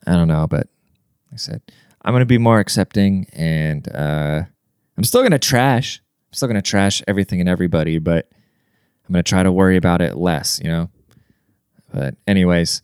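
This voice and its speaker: Man, solo podcast host, rambling and profane, smooth clear voice, dry close mic. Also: on the low side, moderate pace, darkish tone, no echo. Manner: rambling, loose and profane, lots of "like" and "dude". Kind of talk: casual podcast monologue.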